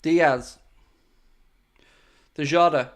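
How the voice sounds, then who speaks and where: A young man giving live football commentary during a watchalong stream, talking to his viewers between plays and groaning loudly at near misses. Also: on the high side, drawn-out words. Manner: excitable, bursts into loud groans at near misses, chatty asides to viewers. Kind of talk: live match commentary with chat.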